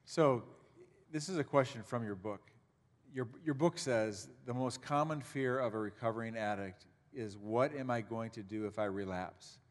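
A man's voice: mid-range voice, moderate pace. A male pastor interviewing a guest onstage, asking casual questions with brief affirmations. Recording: long reverb of a large hall.

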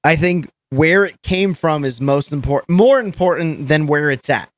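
A man with a slightly high voice talks as a guest on a podcast, rambling in an animated way and swearing often. His voice is recorded close and dry, with almost no room sound. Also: moderate pace, no room sound. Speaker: guest, metal band vocalist. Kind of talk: casual podcast chat.

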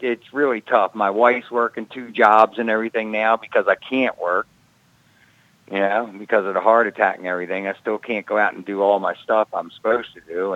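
A man's voice: on the low side, dry recording, narrow, tinny audio. A middle-aged man, a retired wrestler, telling his story casually on a talk show, often repeating words and saying "man".

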